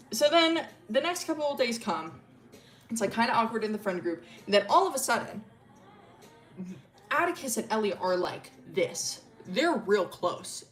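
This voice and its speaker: A woman streamer casually telling a story about her original characters, rambling with lots of fillers, swearing freely and laughing often. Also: medium pitch. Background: faint music.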